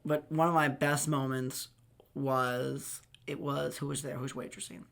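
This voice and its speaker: A man's voice: mid-range voice, flat delivery, a little slow, gravelly, a bit bright. A young man hosting a casual podcast chat, telling rambling work stories with laughter and swearing. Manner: rambling, laughing, swears, acts out quoted people. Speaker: podcast host.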